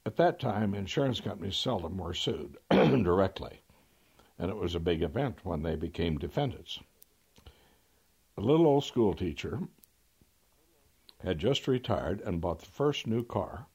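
Older male lawyer, raconteur, deep husky voice, dry wit, throat-clearing. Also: sing-song, measured pace, pauses often, darkish tone. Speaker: trial lawyer. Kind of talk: anecdotal storytelling.

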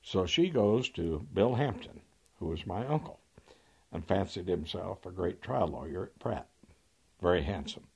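Older husky-voiced lawyer telling stories. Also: male voice, low-pitched, expressive, a little slow. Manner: dry, wry raconteur with throat-clearing. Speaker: trial lawyer. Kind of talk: anecdotal storytelling.

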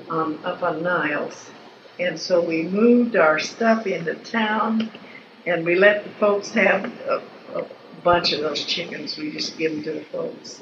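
Older lady rambling thru old family stories, lots of restarts, lo-fi tape, faint room hum. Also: on the low side. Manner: meandering, folksy, frequent restarts. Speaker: interviewee telling family memories. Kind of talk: rambling oral history storytelling. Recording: dull lo-fi home tape with faint ambience.

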